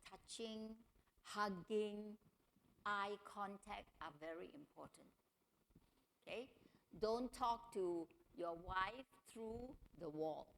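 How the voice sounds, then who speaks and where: Slow-speaking woman giving family advice. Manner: animated storytelling, acts out quotes in a higher voice. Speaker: seminar speaker. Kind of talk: family seminar talk.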